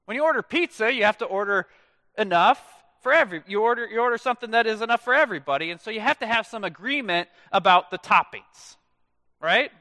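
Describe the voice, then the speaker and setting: A man in his thirties preaching a sermon in a church, telling stories in a lively way and letting phrase ends fall away soft and low. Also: fast, no room sound. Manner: animated storytelling with dramatic soft drops at phrase ends. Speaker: pastor.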